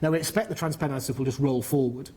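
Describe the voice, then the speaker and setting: A man's voice: mid-range voice, fast, a little mellow, slightly rough. A man heading research, presenting an economic briefing and answering questions frankly, with lots of "um" and "you know". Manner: frank and talkative, with frequent fillers.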